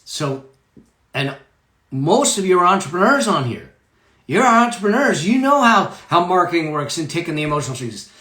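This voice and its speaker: A man's voice: high voice, very animated, moderate pace, sharp tone, reverberant. A man giving a live motivational talk about money, emphatic, repeating key phrases and checking in with "okay?".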